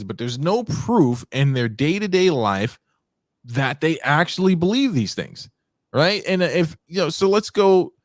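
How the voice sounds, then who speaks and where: A man hosting a casual debate talk show, animated, repeating himself and rising in pitch as he makes his points. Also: dry recording, clean studio sound. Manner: repeats words often, lots of filler. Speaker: show host.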